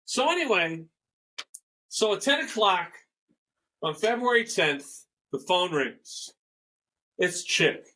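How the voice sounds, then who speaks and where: An older man, a guest musician, telling stories in a rambling, animated way and acting out the dialogue he quotes. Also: high-pitched, slow pace, long pauses, low-quality recording. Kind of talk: casual storytelling interview.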